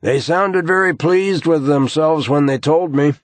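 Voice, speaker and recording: A man voicing a tired, heavyset male crime scene investigator who answers wearily and gruffly in an audiobook. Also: a little high, a little slow, no room sound, pitched above the performer's own voice, lightly acted. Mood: weary. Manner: weary, gruff replies.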